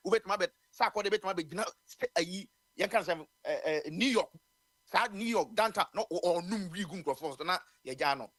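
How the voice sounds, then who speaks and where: A man, talking in quick bursts on a radio chat show. His voice is fairly high and the sound is close and dry. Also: a bit bright, no room sound.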